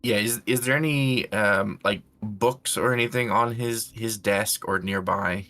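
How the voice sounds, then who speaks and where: Gravelly-voiced man playing a tabletop game. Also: on the low side, steady tone, a little slow, sharp tone, faint music behind. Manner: hesitant, descriptive. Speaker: player. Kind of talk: tabletop role-play.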